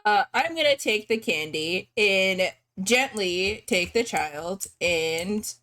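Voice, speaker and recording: Gentle woman player in a tabletop game. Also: mid-range voice, lively intonation, slow pace.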